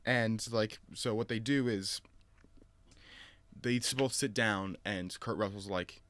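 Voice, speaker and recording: Speaking slowly in a fairly low voice, this man co-hosts a laid-back movie podcast with no echo around him. His storytelling is lively as he recounts scenes, peppered with laughs and filler words.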